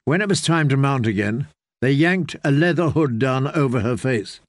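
A man reading fantasy narration for an audiobook in a measured, steady way. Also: medium pitch, dry recording, clean studio sound.

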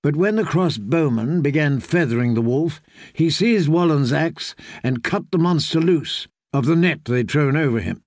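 A man narrating a fantasy audiobook in a brisk, even storytelling manner. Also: on the high side, dry recording, studio quality.

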